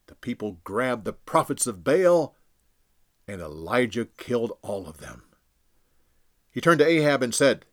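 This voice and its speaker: A man narrating a Bible story in a deliberate, expressive storytelling voice. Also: mid-range voice, dry recording, clean studio sound. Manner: expressive, deliberate, acts out quotes.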